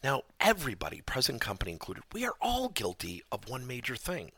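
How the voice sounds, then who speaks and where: A podcast host who also works as a workplace trainer leads a lesson with personal stories, speaking briskly in a gravelly, slightly husky voice with a bright, forceful edge. His pitch swings widely as he animatedly and emphatically presses rhetorical questions. The sound is dry and close.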